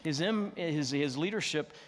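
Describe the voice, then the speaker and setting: A middle-aged man, a pastor, preaching a sermon in an animated, conversational way. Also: on the high side, moderate pace. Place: church sanctuary. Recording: long reverb of a church hall.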